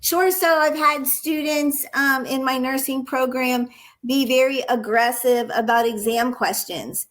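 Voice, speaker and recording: High-voiced earnest woman educator. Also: fairly even intonation, unhurried, fairly bright tone. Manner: earnest, illustrates points with acted examples. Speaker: nursing educator and guest. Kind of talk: conversational interview, storytelling.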